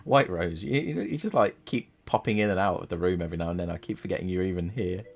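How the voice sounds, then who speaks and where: A man's voice: sits low, gravelly. A man, casually chatting and laughing on a live stream while painting miniatures. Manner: chatty and playful, quick to laugh.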